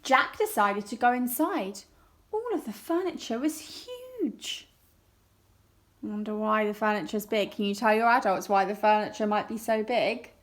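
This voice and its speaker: A woman teacher, reading a story aloud to young children and asking them questions. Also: medium pitch. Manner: slow and clear, asks children questions. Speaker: primary school teacher.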